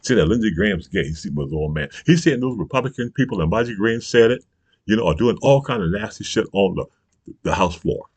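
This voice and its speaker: Gravelly, fired-up ranting man. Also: lowish voice, animated, fast talker, a little mellow, no echo. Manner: profane, emphatic, keeps asking "you understand?". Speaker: political commentator. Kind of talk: angry political rant to camera.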